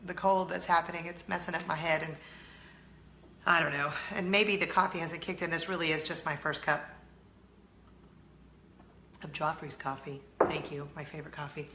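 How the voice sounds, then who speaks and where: A woman from California vlogging in a casual chat to the camera, with a slight Southern drawl and a voice hoarse from a cold. She talks in a chatty, self-mocking way and laughs often. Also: low voice, fairly even intonation, normal speed, long pauses, roomy sound, noisy background. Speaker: vlog host.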